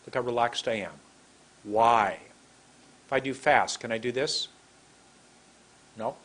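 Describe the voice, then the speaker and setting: A man teaching English pronunciation to camera, speaking in a drawn-out, emphatic way and demonstrating mouth positions. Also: medium pitch, fairly bright tone. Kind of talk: slow deliberate teaching to camera. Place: room with a computer and camera.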